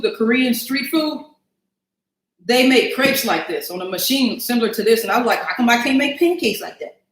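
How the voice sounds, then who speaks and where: A woman's voice: a little high, fairly bright tone, reverberant, low-quality recording. A woman hosting a casual cooking livestream, chatting to viewers as y'all and thinking aloud as she cooks in her home kitchen.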